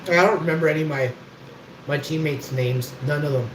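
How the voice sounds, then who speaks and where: A man's voice: a little high, a little fast. A man telling rambling, boastful stories on a livestream and swearing freely. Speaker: livestream host. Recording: echoey room with background noise.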